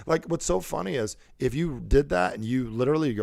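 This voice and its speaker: A man's voice: fairly high pitch, animated, fairly quick, gravelly, hardly any pauses, darkish tone, no room sound, studio quality. A man hosting a motivational talk show about sales and conversation, who acts out how people sound on calls. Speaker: show host and sales coach.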